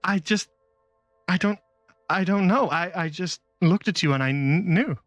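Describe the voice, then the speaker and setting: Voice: medium pitch, dry recording, studio quality, soft background music, pitched above the performer's own voice, lightly acted. A game master voicing a timid, bewildered male creature with a flashing eye, who stammers and halts in a tabletop game. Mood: hesitant. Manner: stammering, halting and unsure.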